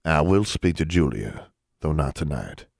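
A man voicing a calm, commanding older wizard father who speaks quietly and measured. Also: a bass voice, vocal fry, no echo, clean studio sound, voice pushed down, exaggerated voice. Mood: gentle.

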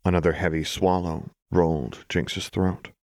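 A man with a very deep voice reads a story aloud in calm, measured narration. The recording is dry and close, with no room sound at all. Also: no echo. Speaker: audiobook reader. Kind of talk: scripted narration.

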